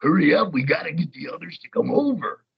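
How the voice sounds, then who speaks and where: A man's voice: on the high side, very animated, quick pace, vocal fry, breathy edge, dull audio, voice pushed up, exaggerated voice. A man voicing a heavy, ogre-like cartoon king who sounds asthmatic and always out of breath. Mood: hurried. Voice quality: wheezy, asthmatic.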